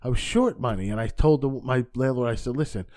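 Man telling a rambling comedy anecdote. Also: fairly quick. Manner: animated anecdote, acting out quoted dialogue with jumps in pitch and loudness; profane, rambling with frequent restarts. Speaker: stand-up comedian guest. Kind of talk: casual storytelling on a podcast.

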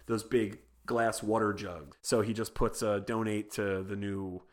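A man's voice: on the low side, steady tone, unhurried. A man on a film podcast in casual chat, rambling through a plot recap with lots of fillers and amused laughs. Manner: rambling plot retelling full of "like" and "you know"; amused, laughs between sentences. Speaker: podcast panelist.

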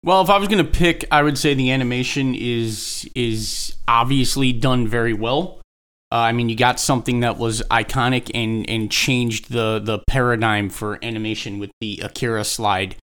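A man's voice: medium pitch, moderate pace, fairly bright tone, smooth. A man speaking as a guest in a casual panel discussion, thoughtful and critical, restarting his sentences as he thinks.

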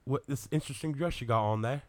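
A man's voice: mid-range voice, fast talker, no echo, lightly acted. A man putting on a polite but stubborn British male movie star in a put-on British accent, stammering and calling everyone mate. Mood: indignant. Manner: stammering, keeps saying "mate".

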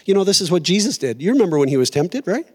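A middle-aged pastor preaching a sermon in a church auditorium, conversational and storytelling, with self-deprecating humor. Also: male voice, sits high, very animated, rapid-fire, breathy edge.

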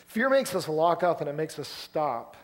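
Man pastor, animated storytelling sermon, slightly high voice. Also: normal speed. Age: adult, past college.

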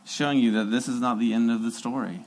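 A man's voice: medium pitch, fairly even intonation, fast, poor audio. A man preaching a sermon in an earnest, emphatic way, repeating key phrases for weight.

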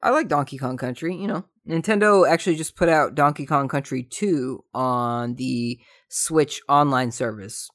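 Animated, jokey man telling stories. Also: mid-range voice, normal speed, few pauses, no echo, clean studio sound. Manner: animated, jokey, tangent-prone. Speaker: podcast host. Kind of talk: casual storytelling monologue.

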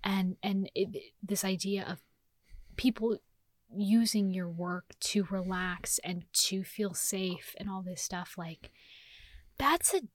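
A woman's voice: mid-range voice, slow pace, no room sound, clean studio sound. A woman co-hosting a podcast in casual chat, rambling with many ums, swearing freely and sometimes dropping to a whisper. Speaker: podcast co-host.

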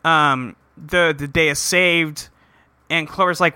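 Bright-voiced man recapping a show. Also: a little high, steady tone, takes it slowly, clean tone, no echo. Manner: rambling recap with many ums, acting out characters' lines. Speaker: podcast co-host recapping an episode. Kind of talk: casual chat.

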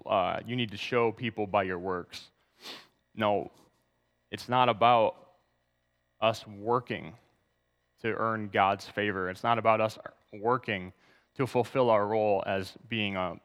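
A man's voice: fairly low pitch, fairly even intonation, a little slow, a bit bright, big-room sound. A man preaching a sermon, reading scripture aloud and asking the congregation to turn to verses. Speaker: pastor.

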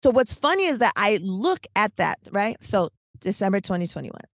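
A woman co-hosting a podcast, telling a long story in casual, animated, slangy chat, full of "like" and "right?". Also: mid-range voice, normal speed, no echo, clean studio sound. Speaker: podcast co-host.

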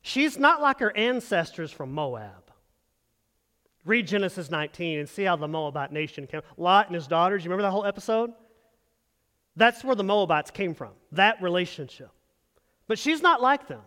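A man with a high voice delivering a sermon to his congregation. He keeps it conversational, throwing out quick rhetorical questions. His words hang in the long reverb of a large hall. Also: animated, sharp tone. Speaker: pastor.

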